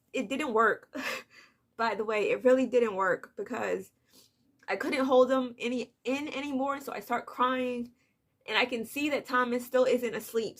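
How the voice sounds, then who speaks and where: A young woman and mother talking softly and haltingly in a personal vlog, holding back tears, with many fillers. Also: a little high. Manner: soft, hesitant, many "like" fillers, on the edge of tears. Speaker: vlogger, mother of two.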